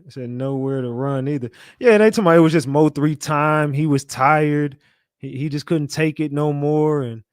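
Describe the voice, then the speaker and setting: A man hosting a call-in stream, talking bluntly with frequent swearing and thinking out loud. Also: mid-range voice, dry recording, clean studio sound. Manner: blunt, profane, thinks aloud. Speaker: show host. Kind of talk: casual live-stream talk with callers.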